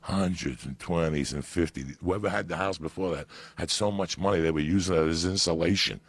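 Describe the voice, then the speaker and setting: New man, storyteller, very low gravelly voice, rough and husky, profane and animated. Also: a little fast, no echo. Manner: animated, profane storytelling with bursts of loud emphasis. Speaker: podcast guest. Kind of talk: storytelling in casual chat.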